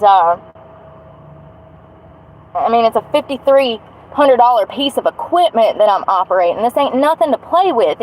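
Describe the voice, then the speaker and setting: A woman's voice: fairly high pitch, a little hiss or hum, low-quality recording. A woman venting bluntly on a livestream, swearing as she rants. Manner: angry, blunt, swearing rant. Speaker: vlogger.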